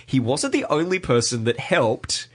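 A man's voice: mid-range voice, big pitch swings, measured pace, husky. A man co-hosting a casual music podcast, telling a story with frequent restarts. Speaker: podcast co-host. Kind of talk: casual chat about music.

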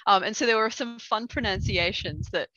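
A woman's voice: mid-range voice, normal speed, no echo, dull audio. A woman co-hosting a gaming show, joking and telling stories animatedly. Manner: animated, jokey storyteller. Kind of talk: casual review chat.

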